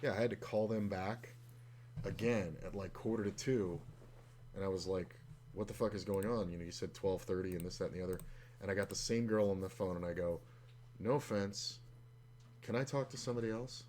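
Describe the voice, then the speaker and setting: A man with a low, brisk, slightly mellow voice streams online poker from a home room at his computer. He talks through his hands and chats casually, muttering frustrated asides, with a faint hum and keyboard clicks behind him.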